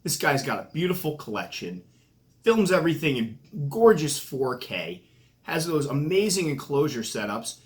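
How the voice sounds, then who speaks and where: A man's voice: a little high, very animated, normal speed. A middle-aged man with a New England accent, hosting his own channel and talking casually to camera, joking and trash-talking about himself. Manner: joking, self-mocking trash talk. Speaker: tarantula keeper and channel host. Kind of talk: casual vlog talk to camera, mock fight interview.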